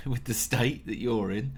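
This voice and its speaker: A man's voice: medium pitch, slow, a loud crowd. A British man co-hosting a reaction video in casual chat, thinking aloud with fillers.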